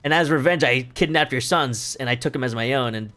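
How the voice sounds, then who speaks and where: A man's voice: mid-range voice, brisk, pushed and bright, soft background music, lightly acted. A man voicing an old banished lord in a retold play, pleading urgently and then owning up to his deeds. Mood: confessing.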